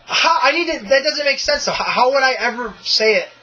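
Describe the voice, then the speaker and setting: A man's voice: very high voice, brisk, muffled recording. A man hosting a podcast in casual chat, loose and profane, ranting with energy. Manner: loose, profane, animated rants. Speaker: podcast host.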